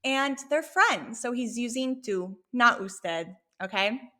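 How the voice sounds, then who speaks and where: A woman teaching a Spanish lesson, explaining a sample dialogue clearly and patiently. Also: fairly high pitch, animated, pushed and bright. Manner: clear, patient, slow when modeling Spanish phrases.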